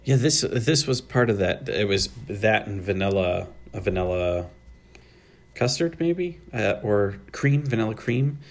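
A man co-hosting a podcast, chatting casually in a halting, rambling way with many restarts. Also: fairly low pitch, expressive. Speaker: podcast co-host. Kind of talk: casual chat.

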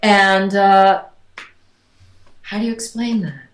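A woman, an interview guest, telling personal stories in a casual, animated way and acting out the voices of the people she quotes. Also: mid-range voice, takes it slowly. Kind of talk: casual storytelling. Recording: echoey room.

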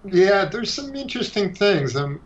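Man, comic creator, loose halting chat; dull low-fi recording. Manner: relaxed, halting, many restarts and fillers. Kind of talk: casual podcast chat. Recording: dull lo-fi sound.

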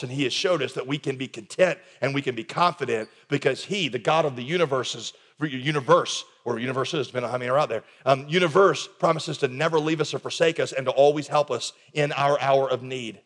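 A man preaching as a pastor, emphatic and conversational, swinging between quiet intensity and raised urgency. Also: mid-range voice, fairly quick, hardly any pauses. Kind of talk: recorded sermon. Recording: long reverb of a large hall.

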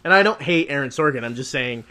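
A man's voice: medium pitch, lively intonation, fast talker, sharp tone. A man co-hosting a casual chat about movie news, swearing a lot and ranting. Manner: profane, ranting, mocking voices. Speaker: podcast co-host.

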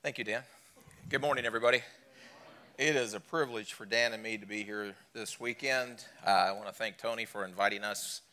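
A middle-aged man preaching a sermon as a guest speaker, fast-talking and folksy. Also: on the low side, fairly even intonation, bright, forceful tone. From Alabama.

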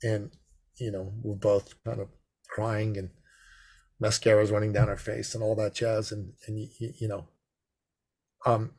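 A middle-aged man telling an expressive, animated story as a podcast guest. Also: a little slow, pauses often. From Persian heritage. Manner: expressive, swings to high excited pitch in quotes. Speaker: podcast guest, business coach.

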